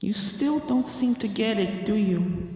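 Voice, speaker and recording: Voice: mid-range voice, very animated, moderate pace. A reader putting on echoing vengeful ghost ponies. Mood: accusing. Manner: quiet, accusing, menacing. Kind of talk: fan fiction reading. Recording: distant, echoey, hall-like reverb.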